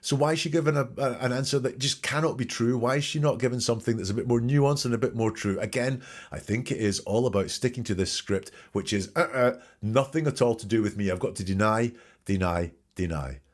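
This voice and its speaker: A man's voice: medium pitch, brisk. A man hosting a show where he breaks down court testimony in spoken commentary, emphatic and questioning, repeating key words. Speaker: host analyzing trial testimony.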